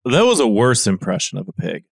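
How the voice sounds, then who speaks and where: A man co-hosts a comedy podcast, teasing the others with wry remarks. His pitch swings widely, and the sound is dry and close. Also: huge pitch swings, fairly quick, gravelly, breathy edge, no echo. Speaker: podcast co-host. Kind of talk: casual comedy podcast chat.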